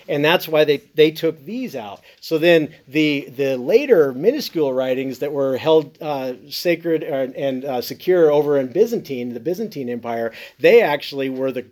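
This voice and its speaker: An earnest man explains scripture in relaxed teaching talk, his voice sitting a little high for a man. He stumbles often, with plenty of fillers and restarts, but keeps pressing on with his point. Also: normal speed, hardly any pauses. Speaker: Bible commentary author.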